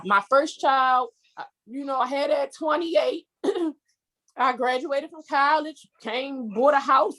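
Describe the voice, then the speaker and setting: A woman in her thirties talks as a guest in a relaxed interview, her voice sitting high. She tells her story with feeling and acts out what others said to her. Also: slow, low-quality recording. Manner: emotional, expressive storytelling with quoted asides. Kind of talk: casual conversational interview.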